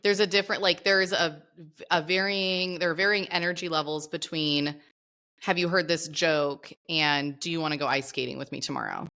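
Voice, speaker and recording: A woman co-hosting a podcast, reflective and quick to laugh in casual chat. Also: sits low, steady tone, pushed and bright. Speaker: podcast co-host.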